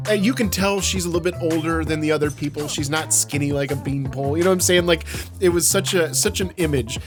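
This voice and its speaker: A man co-hosting a casual podcast, with a voice a touch higher than most men. He tells stories with lots of energy, slips into voices when he quotes people, and swears offhand. There is music playing underneath him. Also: fast. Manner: animated storyteller, acts out quotes, swears casually. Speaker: podcast co-host.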